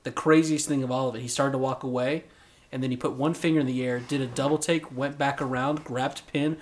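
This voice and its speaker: A man's voice: medium pitch, fairly even intonation, a little fast. Male co-host, dry teasing storyteller with a conversational feel. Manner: teasing, wry narration. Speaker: podcast co-host. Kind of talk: casual chat.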